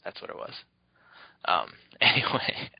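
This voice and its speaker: A man co-hosting a podcast tells a rambling anecdote in a casual chat, full of fillers and laughter. He speaks a little slowly, and the recording is dull, lo-fi and dry, with no echo.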